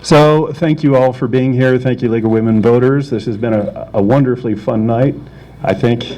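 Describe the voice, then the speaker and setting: A man's voice: mid-range voice, normal speed, dark tone, low-quality recording. A man running for council, giving an informal closing statement in a joking manner. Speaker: council candidate.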